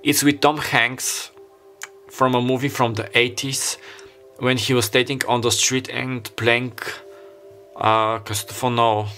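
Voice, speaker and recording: A man's voice: medium pitch, little pitch movement, a little slow, bright, forceful tone, faint music behind. A man giving a pick-a-card tarot reading, rambling and earnest, often stopping to restart and leaning on "like" as he talks. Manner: rambling, stops and restarts, heavy use of "like"; earnest and openly emotional.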